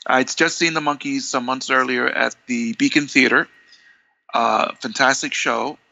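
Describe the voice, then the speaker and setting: A man, an interview guest telling animated stories and acting out the dialogue. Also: medium pitch, measured pace, gravelly, muffled recording. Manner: animated, acts out quoted dialogue, many restarts. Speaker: interview guest, longtime fan. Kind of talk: conversational storytelling.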